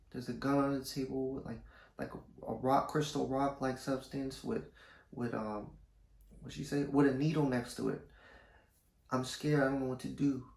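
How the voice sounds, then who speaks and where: A man voicing a frightened young woman pleading over the phone, his own voice pitched a little higher. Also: creaky, darkish tone, roomy sound, natural voice. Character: frightened young woman calling her pimp.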